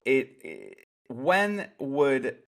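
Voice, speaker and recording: A man co-hosting a security podcast in casual chat, animated and profane, often restarting his sentences. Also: mid-range voice, very slow, vocal fry. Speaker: podcast co-host.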